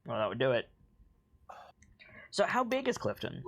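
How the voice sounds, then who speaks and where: A man's voice: mid-range voice, huge pitch swings, normal speed, fairly bright tone. Chatty Southern man at a game table. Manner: chatty, restarts often. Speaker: player. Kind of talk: casual chat at a tabletop game.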